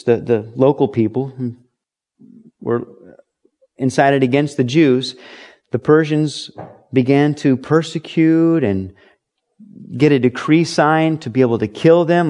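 A middle-aged man preaching a sermon, telling Bible stories and briefly acting out the voices of the people in them. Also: on the high side. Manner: animated preaching, acts out voices in quotes. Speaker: pastor.

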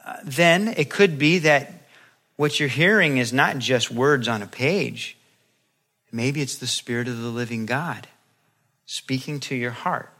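A man preaching a sermon, acting out quoted voices and swinging between loud exclamations and hushed asides. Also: mid-range voice.

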